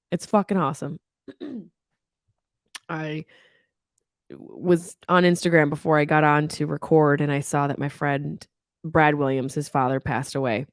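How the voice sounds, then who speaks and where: A woman's voice: sits low, no room sound, clean studio sound. A woman in her thirties hosting a podcast, talking candidly with plenty of swearing and comic asides. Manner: candid, profane, animated. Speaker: podcast host. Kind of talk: casual comedic podcast monologue. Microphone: studio microphone.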